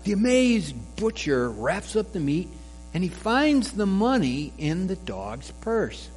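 Slow-speaking pastor, faint hum. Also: male voice, sits high, sing-song, darkish tone, breathy edge, soft background music. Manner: slow, measured delivery with a joke told in voices. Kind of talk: sermon.

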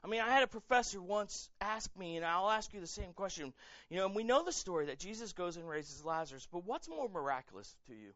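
Impassioned, bright-voiced male preacher. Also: sits high, sing-song, a little fast, no echo, dull audio. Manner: impassioned, repeats words and restarts, rising to near-shouting. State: emotionally raw. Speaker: pastor. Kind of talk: sermon.

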